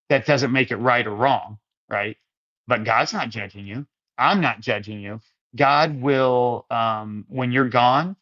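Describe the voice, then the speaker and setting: A man's voice: medium pitch, fairly bright tone. Rambling man hosting a faith livestream. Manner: rambling, casual, calls listeners "my friend" and "brother". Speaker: Christian livestream host. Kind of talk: casual live chat answering comments. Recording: dull lo-fi sound.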